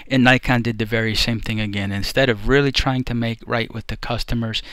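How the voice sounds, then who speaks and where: Man, middle pitch, casual rambling talk, restarts phrases, dry sound. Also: steady tone, brisk, fairly bright tone, smooth, dry recording. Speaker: host ranking photography instructors.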